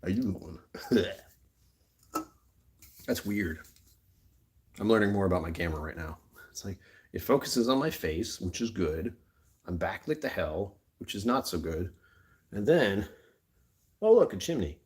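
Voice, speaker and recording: A man's voice: low-pitched, lively intonation, unhurried, long pauses. A man hosting a casual livestream from his phone indoors, rambling, joking and laughing often. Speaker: livestream host. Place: indoors on a rainy afternoon.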